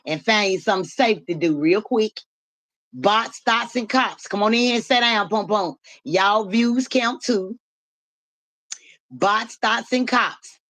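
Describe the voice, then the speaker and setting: Woman streamer hosting her live show, loud repetitive hype chants, salty mouth, mid-pitched voice.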